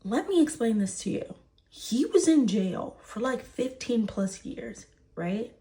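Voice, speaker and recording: A woman's voice: on the high side, measured pace. A young woman with a Houston accent telling a personal story in a casual storytime style, acting out what people said and repeating lines for emphasis. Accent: Southern US, Houston. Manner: animated, acts out the quoted voices, repeats lines for emphasis.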